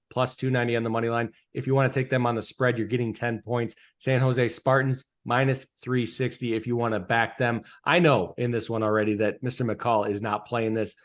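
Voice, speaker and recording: A man co-hosting a sports podcast, chatty and teasing, often laughing as he talks. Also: mid-range voice. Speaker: podcast co-host. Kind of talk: casual sports betting chat.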